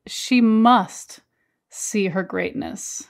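A woman host reflects aloud in a thoughtful, musing manner. Her voice has a gravelly, creaky edge at a middle pitch. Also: drawn-out words. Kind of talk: reflective interview talk.

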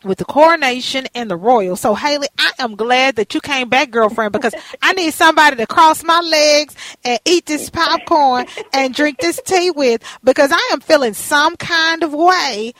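A woman's voice: sits high, moderate pace, fairly bright tone, no room sound. A woman hosting a casual radio talk show, sassy and chatty, calling her guests honey and girl.

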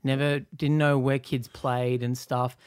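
An Australian man from Newcastle co-hosts a comedy podcast, spinning animated stories and laughing easily. His voice sits at a middle pitch. The sound is dry and close. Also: clear, resonant tone, no echo. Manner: animated storyteller, quick to laugh. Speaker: podcast co-host. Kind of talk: casual comedic chat.

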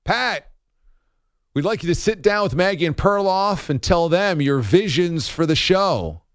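Chatty radio host man, smooth studio voice. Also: high voice, lively intonation, unhurried, no room sound. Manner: chatty, laughs often. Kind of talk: sports talk radio.

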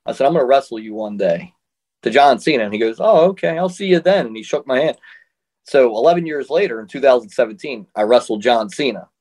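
A man's voice: mid-range voice, fast talker. Laid-back man telling wrestling stories. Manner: relaxed, chatty, laughs often. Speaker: interview guest, professional wrestler. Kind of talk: casual storytelling.

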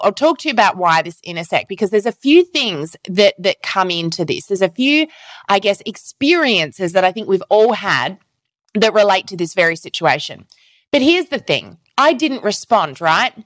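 Animated woman podcast host, lively pitch. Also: no room sound. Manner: animated storytelling, acting out quoted messages. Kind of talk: solo podcast monologue.

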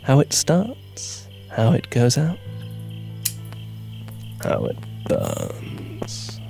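A man's voice: medium pitch, wildly swooping pitch, extremely slow, vocal fry, heavily acted. A man, playing an agent who tells a long, rambling, playful story in an audio drama. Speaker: agent leaving a voicemail. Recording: music playing behind, crickets.

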